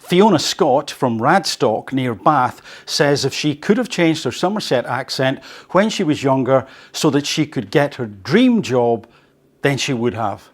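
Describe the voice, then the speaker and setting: A man hosting an English-learning show, reading an article aloud and adding conversational, animated asides. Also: mid-range voice, measured pace. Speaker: podcast host teaching English.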